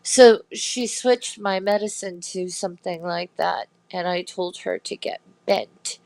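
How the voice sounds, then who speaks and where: A woman's voice: lowish voice, unhurried, vocal fry, a little mellow, poor audio. A woman hosting a casual chat, telling a story with indignation and swearing. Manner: indignant, swearing, acts out quotes. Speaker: host.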